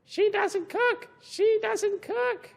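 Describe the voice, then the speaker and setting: A man squawking as a shrill repeating parrot. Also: extremely slow, creaky, long reverb tail, exaggerated voice. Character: chattering pet parrot that repeats everything.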